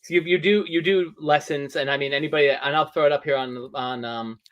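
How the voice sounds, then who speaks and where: Male interview host, fairly high voice, quick questions and interjections. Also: fairly even intonation, a bit bright, lo-fi sound. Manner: brief encouraging interjections and questions. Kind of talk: live interview chat.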